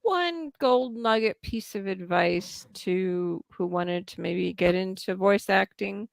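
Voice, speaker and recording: A woman's voice: medium pitch, takes it slowly, vocal fry, no room sound. A woman hosting a podcast in a friendly, chatty way and reading out viewer comments. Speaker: podcast host.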